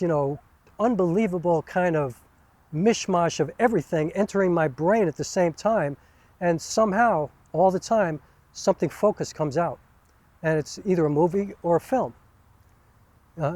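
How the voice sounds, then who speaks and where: A man's voice: sits high, a little mellow, no echo. A man rambling casually in a vlog, filling his talk with "you know" and "like.". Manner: rambling, chatty, fills every pause with "you know". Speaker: YouTube vlogger. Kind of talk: casual talking-head vlog.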